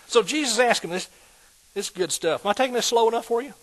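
A man preaching a sermon in a lively call-and-response manner, asking the congregation questions. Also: high-pitched, fast talker.

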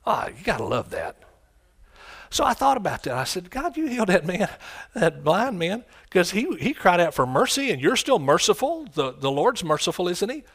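A man preaching a sermon, swinging from quiet, low lines to loud, shouted ones. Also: sing-song, moderate pace. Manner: impassioned, rising to shouts and dropping low.

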